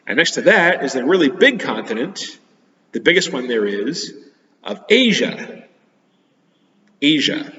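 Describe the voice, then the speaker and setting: A man's voice: mid-range voice, fairly bright tone. Man teaching children in an echoey room. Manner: simple, patient explanations with frequent pauses. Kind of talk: geography lesson for children. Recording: dull, echoey room with long reverb.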